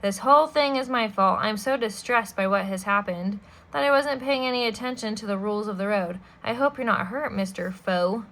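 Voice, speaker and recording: A woman voicing a scheming male villain who fakes grief, speaking in a high, fluttery, falsely polite voice. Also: normal speed, sharp tone. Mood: sly.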